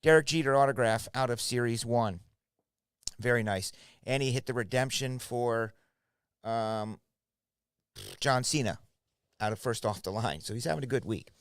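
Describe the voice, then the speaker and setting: Middle-aged man, rambling card-break host, smooth clear voice, dry close sound. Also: medium pitch, normal speed, pauses often, no echo. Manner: chatty, rambling, talks to viewers by name. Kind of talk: casual live stream chat.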